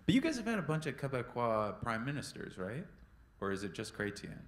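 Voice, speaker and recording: A man's voice: mid-range voice, big pitch swings, fairly quick, roomy sound. A man co-hosting a live podcast on stage, rambling and teasing, playing to the audience. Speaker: podcast co-host. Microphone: handheld mic.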